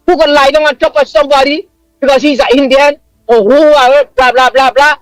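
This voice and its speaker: A man's voice: very high-pitched, steady tone, fairly quick, fairly bright tone, no echo, rough recording. A man, calling in from abroad to a talk radio show, emotional and preaching with emphatic repetition. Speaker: caller living abroad. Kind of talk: impassioned call-in rant.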